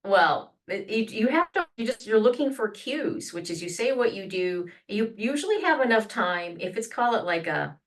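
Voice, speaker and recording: A woman's voice: mid-range voice, very animated, moderate pace, few pauses, far from the mic. A woman guest on a podcast explaining how to introduce yourself, acting out sample lines with many restarts. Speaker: branding and communications guest. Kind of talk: conversational podcast interview.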